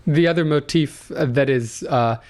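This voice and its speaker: A man's voice: on the high side, moderate pace, darkish tone. A man in a casual podcast conversation, asking a friend friendly prompting questions about his music. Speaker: friend and co-host interviewing the composer.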